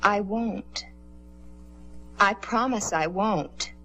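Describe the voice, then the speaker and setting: A woman's voice: mid-range voice, very slow, sharp tone, slight background noise, exaggerated voice. An actress playing a troubled teenage girl in a 1950s television drama, pleading and insisting on her innocence. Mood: defensive, pleading. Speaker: daughter accused of starting fires.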